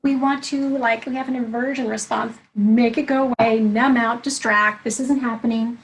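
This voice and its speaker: Earnest woman coach explaining, slightly high voice. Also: steady tone, normal speed, rough recording. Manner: earnest, explanatory, walks through points one by one. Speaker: life and executive coach. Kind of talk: interview conversation.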